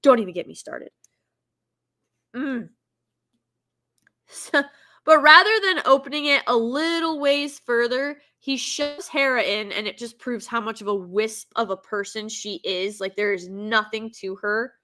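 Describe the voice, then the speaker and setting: A woman's voice: fairly high pitch, expressive, measured pace, sharp tone. A woman giving a casual film reaction review, sarcastic and exasperated as she rants.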